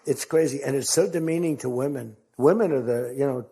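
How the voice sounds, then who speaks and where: A man's voice: medium pitch, brisk, creaky, warm tone, breathy edge. An older American man giving a rambling speech to a crowd, telling stories and acting out quotes. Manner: rambling, repetitive storytelling with acted-out quotes.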